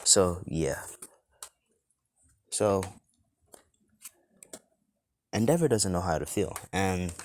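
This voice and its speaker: A man's voice: low voice, normal speed, pauses often, darkish tone, slight background noise. A young man casually narrating an improvised fan story, rambling with lots of fillers and restarts.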